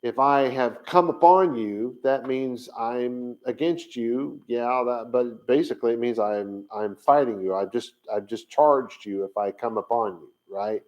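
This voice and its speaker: An unhurried man explaining words to the camera in an everyday teaching talk. He thinks aloud, pauses often and trails off while checking his notes, then picks the thread back up in a plain, average-pitched voice. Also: a little mellow, dull audio. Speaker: Bible language teacher.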